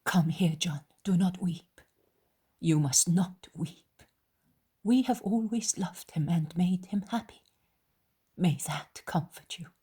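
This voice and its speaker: A woman voicing a tender, distressed grieving mother, whispering softly in short paused sentences, in whispered role-play. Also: lowish voice, husky, full character voice.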